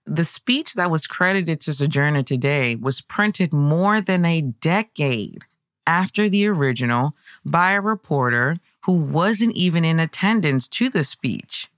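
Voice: mid-range voice, a little slow, no echo. Chatty history podcast host, dry sound. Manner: conversational, with excited personal asides.

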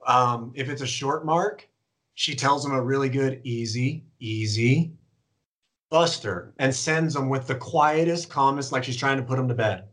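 Relaxed male guest explaining dog training. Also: mid-range voice, moderate pace. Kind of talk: casual conversation.

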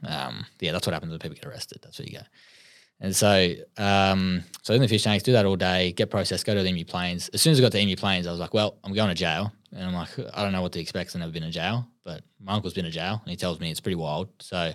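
Deep-voiced Australian man telling stories. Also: fast talker, a bit bright, dry recording, studio quality. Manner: laid-back, swears freely, laughs often. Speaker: podcast guest. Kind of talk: casual storytelling interview.

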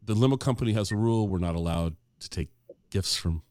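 This is casual storytelling from a middle-aged man whose voice is fairly low and whose pace is quick. He animatedly performs the dialogue in his long anecdote, speaking conversationally with fillers and restarts. The recording is dry and studio quality.

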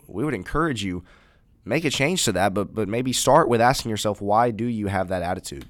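Podcast co-host, man, lowish voice, earnest and emphatic, dry close sound. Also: a little fast, no room sound. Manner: earnest, emphatic, repeats words when rephrasing. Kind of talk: casual Christian podcast discussion.

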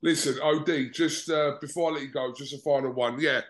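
A man's voice: fairly high pitch, steady tone, a little fast. A man interviewing a boxer remotely, easygoing and polite as he steers the talk.

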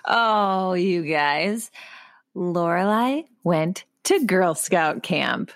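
A woman with a Minnesota accent co-hosts a casual podcast chat, talking into her own microphone. Her low voice has a gravelly fry to it, and the recording is dry and close. She keeps things loose with side notes and easy laughter. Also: animated, drawn-out words, dry recording. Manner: chatty, laughs easily, goes off on side notes. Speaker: podcast co-host.

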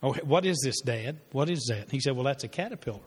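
A man's voice: medium pitch, lively intonation, fast, husky. Man teaching in a reverberant hall. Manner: earnest, conversational, with fillers and restarts. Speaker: pastor teaching a parenting class. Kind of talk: sermon-style teaching with a story.

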